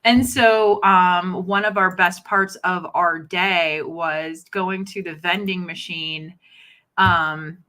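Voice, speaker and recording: A woman in her thirties from Ohio, co-hosting a casual live chat and telling stories in an animated, giggly way. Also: on the low side, takes it slowly, poor audio. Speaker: podcast co-host.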